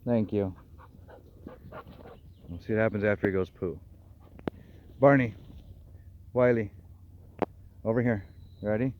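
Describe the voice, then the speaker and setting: Dog trainer, male, lowish voice, outdoors, dull lo-fi recording with faint noise. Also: slow pace, pauses often. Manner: calls out to dogs, explains their behavior. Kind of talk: narrating a dog walk. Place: outdoors on a trail.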